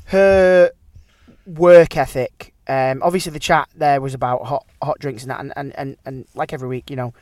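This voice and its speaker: A man's voice: medium pitch, normal speed. A young man, hosting a podcast and telling a story in casual, sweary chat. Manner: animated storyteller, swears freely. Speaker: podcast host. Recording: roomy echo.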